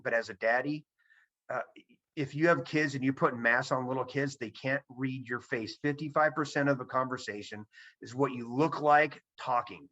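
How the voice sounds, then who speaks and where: A man's voice: medium pitch, sharp tone. A man giving a seminar talk to a virtual audience over a video call, emphatic and repeating his key points. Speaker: presenter. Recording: dull lo-fi sound.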